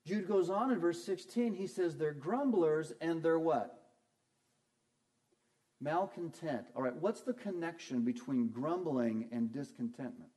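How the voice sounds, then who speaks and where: Pastor guy preaching, mellow warm tone, earnest, keeps asking the crowd questions then answers em. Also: a little high, unhurried. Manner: earnest, asks and answers his own questions. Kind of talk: sermon.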